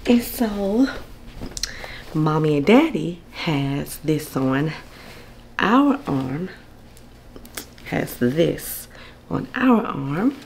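A woman in her thirties talking to camera in a casual vlog, earnest when she reflects and excited, half whispering, when she shows things. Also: deep voice, drawn-out words, creaky, pauses often, a little hiss or hum, rough recording. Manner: earnest, faith-filled reflection; excited, partly whispering show-and-tell. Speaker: vlogger.

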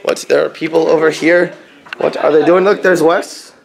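A man's voice: on the high side, fairly even intonation, normal speed, vocal fry. Young guy vlogging behind the scenes, jokey, just chatting to the camera. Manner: joking, playful narration. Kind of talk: casual behind-the-scenes vlog.

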